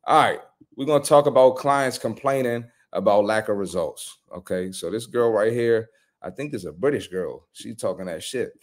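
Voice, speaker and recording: A man's voice: fairly low pitch, moderate pace. A man, a personal trainer, hosting a live reaction stream with blunt, profane, slangy commentary.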